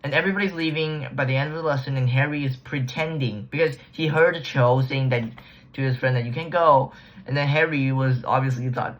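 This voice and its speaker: A man's voice: medium pitch, fairly quick. Rambling slangy guy recapping a book. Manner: slangy, restarts often, trails off. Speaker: book reviewer. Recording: dull lo-fi recording.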